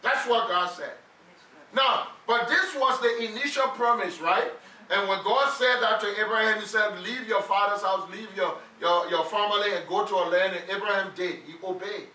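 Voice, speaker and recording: A man's voice: high-pitched, normal speed, pushed and bright. A man preaching a sermon, emphatic and leading the congregation to repeat phrases after him. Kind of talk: sermon with call-and-response. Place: church sanctuary with congregation. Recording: roomy church hall, mic at a distance.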